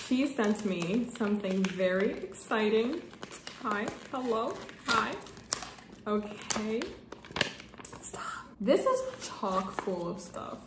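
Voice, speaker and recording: A woman's voice: fairly high pitch, lively intonation, a little slow. A young woman vlogging an unboxing of gifts, gushing, squealing and laughing as she opens them. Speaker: book vlogger. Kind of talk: casual unboxing vlog. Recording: echoey room, faint room noise.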